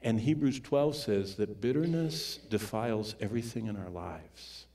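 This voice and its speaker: A male pastor preaching a sermon, moving between loud, emphatic peaks and quiet, low storytelling, and drawing out key words for weight. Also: unhurried.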